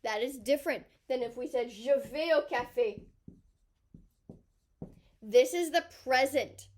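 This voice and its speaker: A woman, a high school teacher, explaining grammar in an emphatic lesson that repeats key points. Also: a little mellow.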